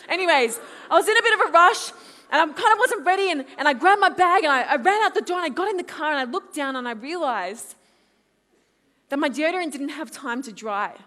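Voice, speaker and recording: A woman in her twenties with an Australian accent, a conference speaker giving a lively testimony talk and acting out her own quotes. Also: high voice, a little fast. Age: 20s. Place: large hall. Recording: long hall reverb.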